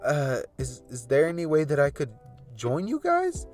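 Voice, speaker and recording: A man voicing a timid young male character in a narrated fan story, speaking softly and stammering. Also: on the high side, huge pitch swings, normal speed, faint music behind. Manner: hesitant, stammering, soft. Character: timid shy young male hero-hopeful.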